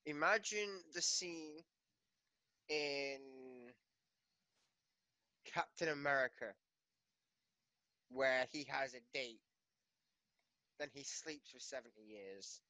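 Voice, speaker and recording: A man's voice: medium pitch, slow, pauses often, sharp tone, no echo. A man running a tabletop game, chatting out of game with his players, teasing them, swearing freely and laughing often. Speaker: game master.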